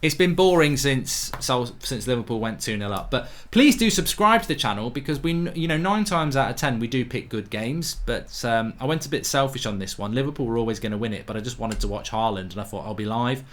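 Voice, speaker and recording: A man's voice: mid-range voice, expressive, fairly quick, few pauses, a bit bright. Chatty man hosting a live football stream. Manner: chatty, jokey, rambling with fillers. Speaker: football channel host. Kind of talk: live match watchalong chat. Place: home studio, with a guitar.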